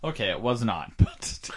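A man's voice: mid-range voice, sing-song, a little slow, slightly rough. A man co-hosting a casual podcast, jokey, dropping to mumbles and then jumping to sudden yelps. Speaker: podcast co-host, musician.

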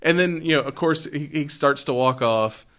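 A man's voice: a little high, normal speed, fairly bright tone. A man co-hosting a casual podcast about films. He retells scenes with lots of energy and laughs often as he goes. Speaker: podcast co-host. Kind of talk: casual movie review chat.

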